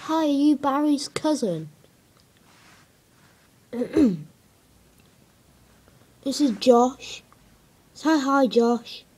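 A woman's voice: high voice, animated, extremely slow, pauses often, a little mellow. A woman giving casual gameplay commentary, hesitant and rambling with many fillers. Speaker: gaming video creator.

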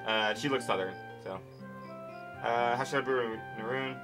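A man's voice: mid-range voice, moderate pace, rough recording. Grumbling, foul-mouthed man playing a game. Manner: grumbling, impatient, swears a lot. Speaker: gaming channel host. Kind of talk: casual gaming commentary. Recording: game music playing under the voice. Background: video game music.

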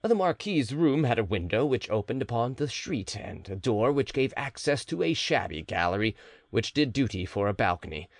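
A man narrating a classic story as an audiobook, with expressive storytelling. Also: medium pitch, moderate pace, no room sound.

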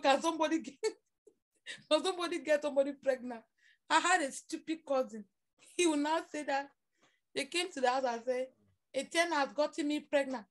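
Woman preacher, high-pitched, dramatic storyteller who laughs mid-sentence. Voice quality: laughs through her words, dramatic storytelling. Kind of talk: animated storytelling sermon.

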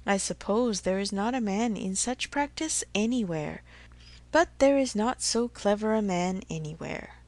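A woman's voice: medium pitch, animated, a little slow, darkish tone, no echo. A woman reading the part of a fussy, anxious elderly father who frets fondly over his family's health. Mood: fretful fond. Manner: fretful, fond, repeats endearments. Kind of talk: audiobook character reading.

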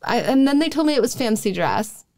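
A woman in her thirties from Wisconsin, a podcast guest telling her story in lively casual chat. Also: on the high side, a little fast, no room sound. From Wisconsin, USA. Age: 30s. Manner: lively, acts out quoted exchanges.

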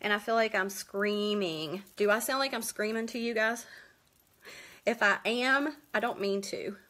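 A woman from West Virginia hosting a casual live makeup tutorial from home, chatty and quick, greeting viewers by name. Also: mid-range voice, a bit bright. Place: at home indoors.

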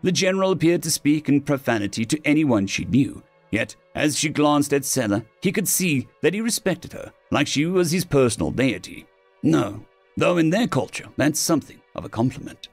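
A man narrating a science fiction story in an expressive, scripted way. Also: on the high side, moderate pace, no echo. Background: faint music.

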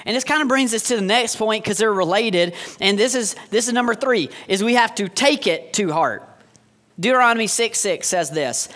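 A man's voice: high voice, a little fast, fairly bright tone. A man in his thirties, a pastor preaching a sermon with joking asides and sarcastic humor.

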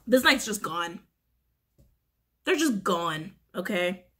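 A woman reads tarot cards in a loose, offhand monologue. She is blunt and swears often, circling back to repeat her lines for emphasis. A faint hiss of noise sits under her mid-pitched voice. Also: sing-song, slow pace. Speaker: tarot reader. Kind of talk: casual tarot reading monologue.

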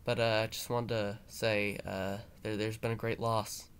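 A man's voice: on the low side, little pitch movement, a little slow. Sick guy with a cold rambling mock-serious into his mic, swears lots, bit of faint hiss. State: has a cold, stuffy nose. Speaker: YouTuber. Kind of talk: casual mock-mournful vlog.

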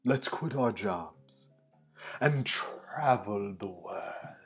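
A man putting on a pompous, doting rich husband who drawls out slow endearments. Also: on the low side, expressive, husky, soft background music, full character voice.

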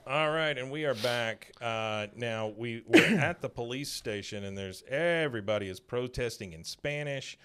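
A man's voice: mid-range voice, moderate pace, few pauses, pushed and bright, clean tone. A man hosting a podcast, casually retelling an episode scene by scene with frequent "uh"s and chuckles. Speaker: podcast host.

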